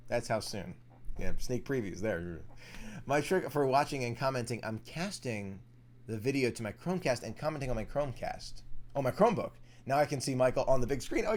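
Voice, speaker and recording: A man's voice: medium pitch, a little mellow. A young man hosting a casual live stream, reading viewer comments aloud and answering them in a chatty way.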